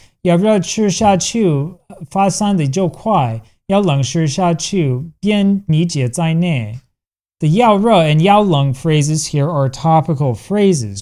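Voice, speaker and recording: Guy teaching a grammar lesson, patient and explanatory, voice sits a little high. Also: a little mellow. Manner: patient, explanatory, quotes example sentences in Chinese. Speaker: language teacher.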